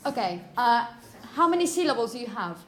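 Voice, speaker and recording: A woman's voice: fairly high pitch, very animated. Patient woman teaching pronunciation. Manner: patient, checks in with "okay?" and repeats words slowly. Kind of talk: classroom phonetics lesson.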